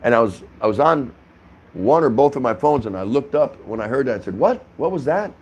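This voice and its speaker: Speaking briskly in a mid-range voice, a male vlogger hosts a casual talking-head video from inside his apartment. He's chatty and rambling, restarting often and using lots of fillers.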